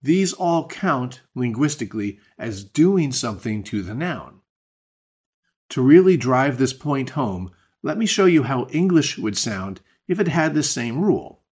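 Husky man teaching a language lesson. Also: medium pitch, very animated, darkish tone. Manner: explains slowly with spoken examples. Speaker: language teacher and podcast host.

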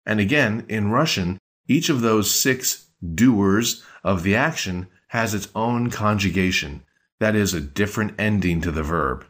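Male teacher, husky low voice, measured scripted lesson delivery. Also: fairly bright tone. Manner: measured, explanatory. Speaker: language teacher.

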